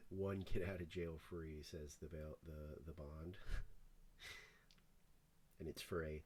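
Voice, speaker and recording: A man's voice: a bass voice, level tone, slow pace, a little mellow, breathy edge. A man streaming a game, talking casually to himself and laughing as he plays. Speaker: gaming streamer. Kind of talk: casual gameplay commentary. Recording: rain noise behind.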